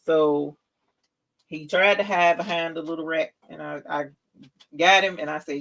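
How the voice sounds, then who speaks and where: An older woman chats through a casual live craft demo. She tells her stories in an animated, talkative way, full of asides and questions to her viewers. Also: deep voice, a little slow, gravelly, long pauses, low-quality recording. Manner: animated, chatty storyteller. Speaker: rhinestone crafter hosting a live stream.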